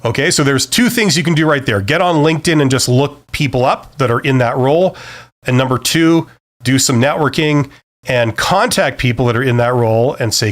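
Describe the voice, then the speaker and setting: A man's voice: mid-range voice, normal speed. A middle-aged man hosting a live-stream Q&A, giving career advice in a loose, conversational way full of fillers and restarts. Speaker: career advice host answering viewer questions.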